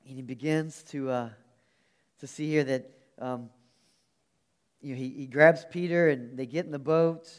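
A man preaching a sermon as pastor, earnest and animated, often restarting his phrases. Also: medium pitch, unhurried, long pauses.

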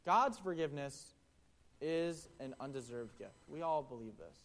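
Young male preacher, slightly higher voice, relaxed chatty sermon delivery. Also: moderate pace. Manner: conversational, acts out quotes in the parable. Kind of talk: casual sermon.

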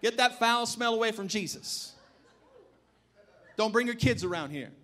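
A man's voice: very high-pitched, lively intonation, measured pace, sharp tone, full character voice. A man doing a brusque, dismissive disciple. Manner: dismissive, scolding. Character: brusque male disciple shooing parents away.

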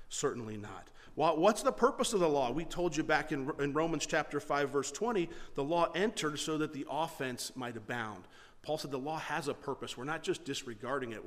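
A man's voice: fairly high pitch, a bit bright, long reverb tail. A man who is a pastor, preaching a conversational sermon, often restarting and repeating words as he explains.

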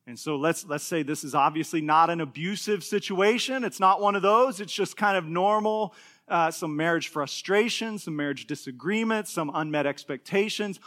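A man in his thirties delivers a sermon in a high, bright voice. He preaches with animation and slips into the voices of the people he quotes, lifting and dropping his delivery to make each point. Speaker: pastor.

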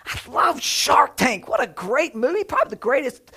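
A man in his thirties preaching a sermon in a lively, conversational way, with jokes and playful sound effects. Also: extremely high pitch, fairly quick, few pauses. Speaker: pastor.

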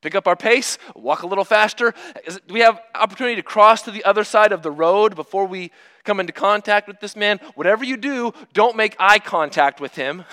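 A middle-aged man preaching a sermon, earnest, moving between hushed, drawn-out phrases and emphatic bursts. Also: high voice.

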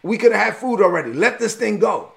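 A preacher puts on a grown son arguing with his father, insistent and exasperated. The voice sits high and gravelly. He talks in a streetwise way as he pleads. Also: very animated, moderate pace, a bit bright, heavily acted.

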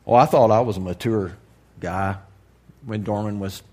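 A man preaching to a congregation in a candid, folksy way, dropping to a hush and then rising to loud emphasis. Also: on the low side, normal speed. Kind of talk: sermon.

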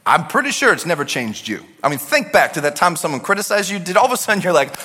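A man preaching a sermon as pastor, animated, swinging from shouts to quiet asides. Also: on the high side, fast, few pauses, slightly rough. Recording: long hall reverb.

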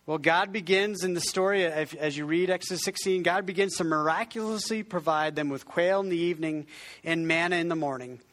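A pastor preaches briskly in a high-ish, fairly bright voice, keeping things conversational. He frequently restarts sentences, jokes at his own expense, and has the congregation repeat words after him.

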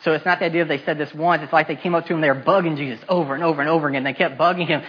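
Animated, husky-voiced male preacher. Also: a little high, rapid-fire, lo-fi sound. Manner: animated storytelling, acting out the disciples' complaints; casual modern asides and repetition. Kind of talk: sermon retelling a Bible story.

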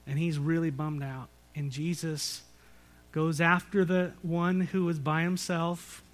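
A man preaching a sermon as pastor, in a conversational way with rhetorical questions and light jokes. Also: fairly high pitch. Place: church sanctuary.

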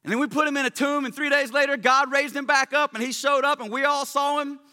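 A pastor putting on a loud fired-up apostle preacher. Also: male voice, extremely high pitch, fairly even intonation, racing, pitched above the performer's own voice, exaggerated voice. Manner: loud, emphatic, casual slangy retelling. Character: apostle Peter, bold fired-up male preacher.

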